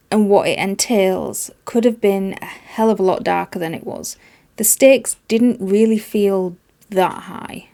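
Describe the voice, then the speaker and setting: A woman's voice: medium pitch, dark tone. A woman giving a casual spoken book review, emphatic and exasperated, repeating words for stress.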